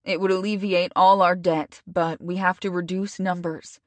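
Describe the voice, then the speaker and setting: A woman's voice: on the low side, flat delivery, moderate pace, dry recording, natural voice. A woman voicing a regretful law firm boss who speaks formally and apologetically while firing an employee, in an audiobook. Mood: apologetic.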